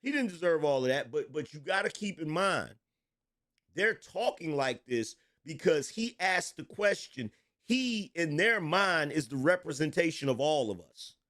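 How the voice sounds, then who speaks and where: A man's voice: on the high side, expressive, unhurried, a bit bright. A middle-aged man hosting a livestream, giving blunt commentary and reading out chat messages, repeating his points with emphasis and swearing freely.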